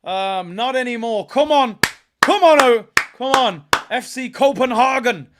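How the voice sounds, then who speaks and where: A man hosting a live football watchalong, bantering and trolling rival fans, bursting into shouts at big moments. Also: very high voice, animated, measured pace, heavy background noise.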